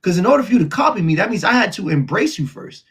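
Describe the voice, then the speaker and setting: A man hosting a live call-in show, mocking and loud, laughing between trash talk. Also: high-pitched, sing-song, fast, breathy edge.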